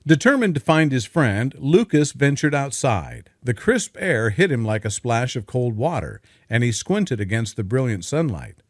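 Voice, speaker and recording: A man's voice: mid-range voice, very animated, normal speed, hardly any pauses, dry recording, clean studio sound. Man narrating a dramatic story.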